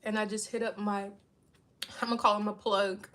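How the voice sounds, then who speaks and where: A woman's voice: mid-range voice, little pitch movement, normal speed, fairly bright tone. A woman in her thirties chatting casually to her viewers, rambling and saying "like" a lot. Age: 30s. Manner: rambling, heavy use of "like". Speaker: vlogger.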